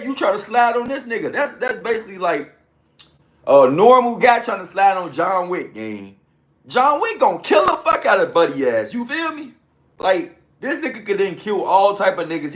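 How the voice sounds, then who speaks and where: Slangy man ranting casually. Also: fairly high pitch. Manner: slangy, animated, makes gunshot sounds. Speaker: commentary host. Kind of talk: casual commentary rant.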